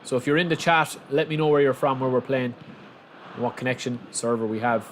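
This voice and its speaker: A young man casually commentating his own football game on a live stream, chatting with viewers and bursting into shouts at big moments. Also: mid-range voice, a little fast, slight background noise.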